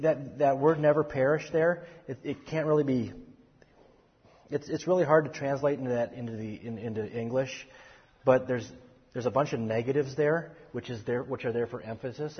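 A man's voice: mid-range voice, husky. A man teaching a Bible study, explaining scripture earnestly with many restarts and emphatic stresses. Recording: dull lo-fi audio with long hall reverb.

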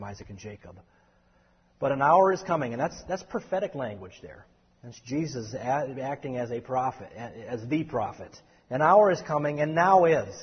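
A man teaching a Bible study class, lively and explaining, calling on the group for answers. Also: mid-range voice, husky. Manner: animated, takes questions from the class. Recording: echoey hall, dull lo-fi sound.

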